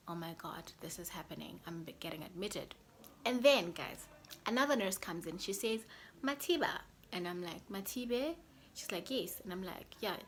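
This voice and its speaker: A young woman with a lowish voice tells her story straight to her viewers in a loose, chatty way. She often sinks into a soft whisper mid-sentence. A faint hiss sits under the recording. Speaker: vlogger. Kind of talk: casual storytelling to camera.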